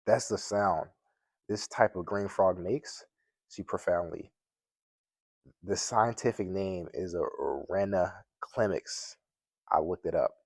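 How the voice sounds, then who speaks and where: A man's voice: deep voice, a little slow, pauses often, husky, no room sound. A man reading a children's book aloud as a guest reader, plainly, with occasional slips and restarts.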